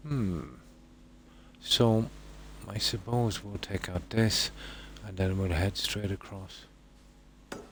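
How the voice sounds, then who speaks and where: Male streamer, very low voice, unhurried rambling play-by-play with ums. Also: fairly even intonation, slight background noise. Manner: musing, trailing off with ums. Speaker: game streamer. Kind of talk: casual gameplay commentary.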